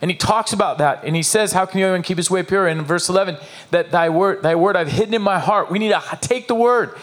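A man preaching a sermon as pastor, emphatic and animated, with repetitions and rhetorical questions to the congregation. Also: high-pitched, quick pace.

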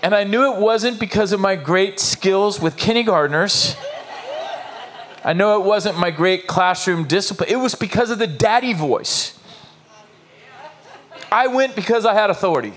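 A man preaching a sermon as pastor, emphatic and animated, with repetitions and rhetorical questions to the congregation. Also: sits high, moderate pace, long pauses.

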